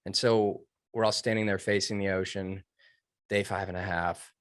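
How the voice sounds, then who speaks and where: A man recounting his military training in an interview, earnest and emotional, with halting restarts. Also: low voice, little pitch movement, clean tone, no echo, clean studio sound. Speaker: guest, former Navy SEAL trainee. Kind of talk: personal story told in an interview.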